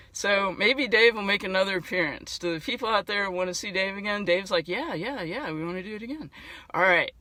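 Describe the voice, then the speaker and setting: A man's voice: high-pitched, bright, forceful tone, no room sound. A man giving a casual, playful spiritual video talk as a church minister, chatty and encouraging, laughing now and then.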